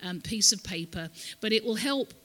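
A woman's voice: medium pitch, expressive, moderate pace, fairly bright tone. A woman speaking as a visiting ministry guest at a church, telling the story and having the audience repeat words after her. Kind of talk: church talk, teaching. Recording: long reverb of a church hall.

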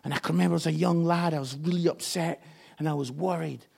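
Male preacher, high gravelly voice, impassioned sermon delivery that drops to a hush then climbs loud. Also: fairly even intonation, fast. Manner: impassioned, swinging from hushed to loud.

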